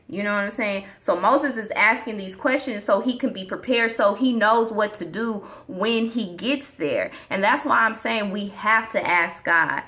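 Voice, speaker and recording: A woman's voice: medium pitch, normal speed, hardly any pauses, sharp tone. A woman vlogger giving a casual faith talk in a chatty, slangy, preachy way.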